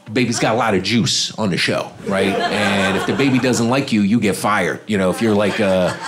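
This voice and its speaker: Male comic on a club stage, talky and loose, drops his voice low for other people's lines. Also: normal speed, a crowd in the background. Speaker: stand-up comedian. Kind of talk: stand-up storytelling. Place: comedy club stage with audience.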